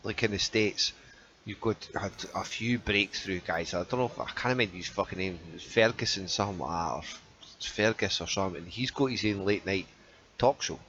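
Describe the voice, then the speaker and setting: A man's voice: low voice, brisk. Sweary Scottish man hosting a podcast. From Scotland. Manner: sweary, animated storytelling with mock voices. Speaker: podcast host. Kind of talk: casual chat. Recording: muffled podcast audio with faint background noise.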